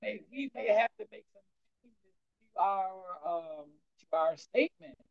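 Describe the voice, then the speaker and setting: A pastor welcoming a congregation and opening a sermon, drawn-out and exhorting, streamed on a video call. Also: medium pitch, animated, creaky, no echo. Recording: dry, dull lo-fi sound.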